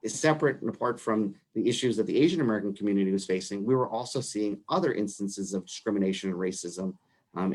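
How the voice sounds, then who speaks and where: Man, New York accent, lowish pitch, earnest, measured, livestream discussion. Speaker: human rights commission director.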